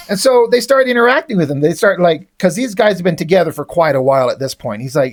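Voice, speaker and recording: A man's voice: sits high, a little fast, hardly any pauses. Man recapping a comic in easygoing chat. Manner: reads dialogue aloud with little character voicing. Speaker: comic book reviewer.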